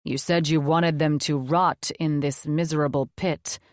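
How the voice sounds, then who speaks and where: A woman voicing a commanding demon wolf man, calm and watchful, with a steady, measured delivery. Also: fairly high pitch, no room sound, studio quality.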